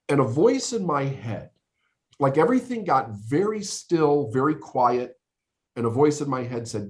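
A man's voice: mid-range voice, very animated, normal speed. A middle-aged man from the United States, a business coach and podcast guest, earnestly recounting his life story in conversation, emphatic and given to repeating words as he builds up.

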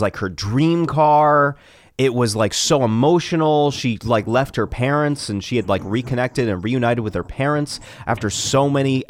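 Animated man telling a story. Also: mid-range voice, a little hiss or hum. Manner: animated storyteller, frequent swearing and laughter. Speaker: podcast host. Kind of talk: casual chat.

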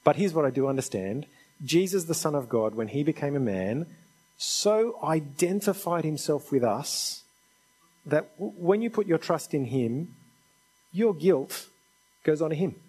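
A man's voice: a little high, lively intonation, a little slow, darkish tone, breathy edge, low-quality recording. A man preaching a sermon in an earnest, conversational and pleading manner.

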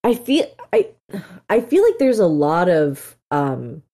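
Slow-talking woman with a very animated pitch. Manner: hesitant, trails off with fillers. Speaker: podcast co-host. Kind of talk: casual chat.

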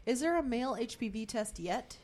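A woman's voice: fairly high pitch, expressive, fairly quick, a little mellow, slight background noise. A young woman co-hosting a podcast, making crude, playful jokes in casual chat. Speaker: podcast co-host.

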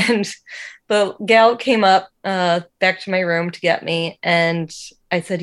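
Woman, interview guest, faith testimony, earnest, casual fillers, lowish voice. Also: fairly even intonation, normal speed. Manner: casual, heavy use of "like" fillers; earnest, emotional storytelling.

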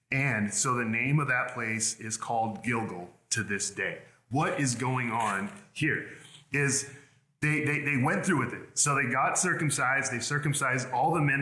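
Bright-voiced preaching man, roomy echo. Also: medium pitch. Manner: earnest preaching with frequent word repeats. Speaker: pastor. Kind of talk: sermon.

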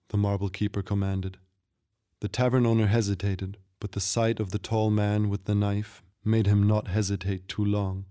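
A male storyteller with a low voice reading a fantasy tale aloud. His delivery is measured and steady, scripted like an audiobook. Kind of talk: scripted narration.

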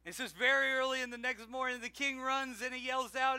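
A man preaching an animated sermon in church, drawing call-and-response from the congregation. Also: extremely high pitch, a little fast, hardly any pauses, smooth, dry recording. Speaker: pastor. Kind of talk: energetic sermon with announcements. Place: church sanctuary.

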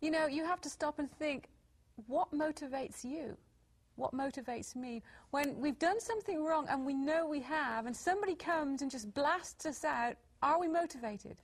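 A British woman speaks reflectively on a parenting program, asking questions as she talks. Her voice is high. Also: normal speed. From United Kingdom. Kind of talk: casual television talk.

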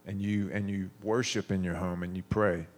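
A man's voice: deep voice, little pitch movement, moderate pace. A man in his thirties preaching a sermon, telling stories in a conversational way with frequent restarts.

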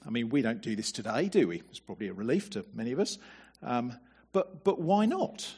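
A man's voice: medium pitch, very animated, brisk, a little mellow, slightly rough. A man preaching a sermon in a conversational way, often asking rhetorical questions and repeating words as he starts a thought.

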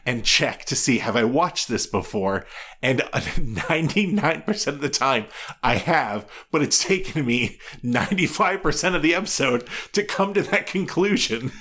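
A man co-hosting a casual chat, recounting a reality show in a soft, rambling way. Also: mid-range voice, expressive, normal speed. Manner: rambling, soft-spoken, frequent restarts. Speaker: podcast co-host.

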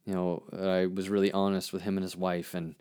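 A man hosting a podcast, reflecting earnestly on his own poem in a halting way, with many restarts and fillers. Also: low-pitched, monotone, a little mellow, smooth. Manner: earnest and searching. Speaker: podcast host and therapist.

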